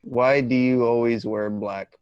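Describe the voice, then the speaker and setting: Man voicing a young schoolmaster, flat unemotional reading, muffled dry sound. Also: mid-range voice, a little slow, clear, resonant tone, no echo, close to an everyday voice. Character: young male schoolmaster, earnest and plaintive. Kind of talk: flat read-through of a play scene.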